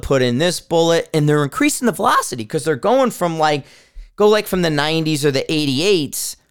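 Podcast host, man, smooth clear voice, excitable rambling storyteller who swears a lot. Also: a little high. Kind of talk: casual talk about shooting.

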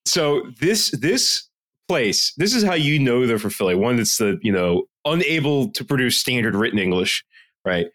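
Podcast guy from philly, swears a lot, rants and reads reviews out loud. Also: medium pitch, big pitch swings, moderate pace. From Philadelphia area. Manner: profane, ranting, reads reviews aloud. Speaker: podcast co-host. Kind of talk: casual podcast banter.

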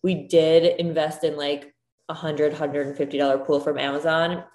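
A woman's voice: low-pitched, little pitch movement, moderate pace, darkish tone. A woman in her thirties chatting casually, full of "like" fillers. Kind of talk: casual chat. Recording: roomy echo.

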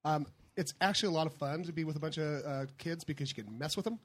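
A man telling an animated story in casual chat among friends. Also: on the high side, fast talker. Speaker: co-host, works with schoolkids.

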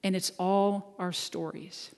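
A minister giving a Sunday talk, telling stories in a relaxed, conversational way with light humor. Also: mid-range voice, slow pace, smooth, in a large hall. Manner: conversational storytelling with gentle humor. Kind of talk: sermon. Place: church sanctuary.

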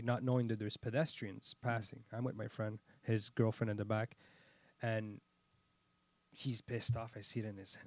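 A man in casual chat, swearing freely and telling lively stories. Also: medium pitch, dry recording. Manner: swears a lot, animated storyteller.

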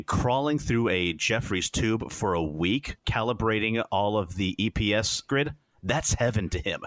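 A man hosting a casual podcast chat, reviewing a show as an animated storyteller who acts out the scenes. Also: on the low side, no room sound.

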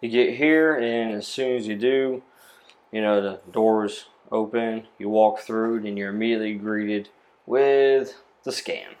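A man narrating a tabletop role-playing game as game master, describing scenes in a relaxed way with fillers. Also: lowish voice, a little slow, highs cut off.

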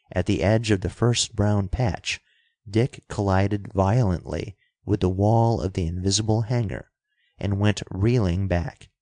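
An audiobook narrator reads scripted narration slowly in a low male voice. The recording is dry and studio quality.

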